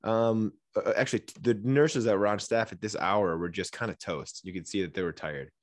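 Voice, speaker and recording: A man co-hosting a podcast, telling stories in a casual, animated way and acting out the people in them. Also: lowish voice, brisk, no echo. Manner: animated storyteller who acts out voices. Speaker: podcast co-host.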